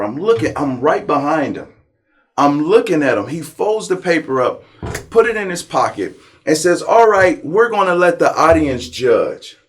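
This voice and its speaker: Profane, animated man telling his story. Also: mid-range voice. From Southern California. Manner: animated, profane, acts out quoted people. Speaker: interview guest. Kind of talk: emotional life-story telling.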